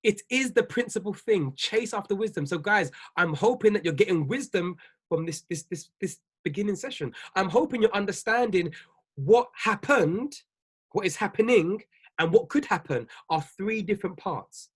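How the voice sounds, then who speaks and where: A man's voice: sits high, expressive, normal speed, breathy edge. A man, a business coach giving a preachy, emphatic livestream talk to his viewers. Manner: preachy, repetitive, emphatic, laughs often.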